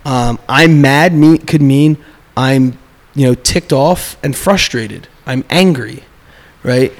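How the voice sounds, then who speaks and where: A man in casual conversation, talking in an animated way, restarting his sentences and acting out what other people say. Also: medium pitch, takes it slowly. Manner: animated, restarts often, acts out quoted speech.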